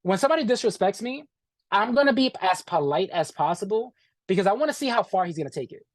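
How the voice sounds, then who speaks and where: A man's voice: sits high, fast talker, no echo. Profane man retelling a story, dry sound. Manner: animated, profane, acts out quoted dialogue, says "bro". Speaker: interview guest. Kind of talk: casual storytelling.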